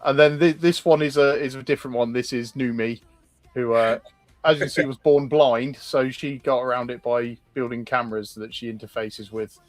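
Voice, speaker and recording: A man's voice: mid-range voice, fairly even intonation, moderate pace, dry recording, faint music behind. A man co-hosting a livestream, casually explaining characters with frequent ums and restarts. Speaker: co-host presenting concept art.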